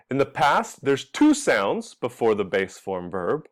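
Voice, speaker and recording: Guy teaching english pronunciation, slow and careful, voice bouncing up and down, stretches out the example sounds. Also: mid-range voice, huge pitch swings. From California. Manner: drawn-out, exaggerated sounds when modeling examples.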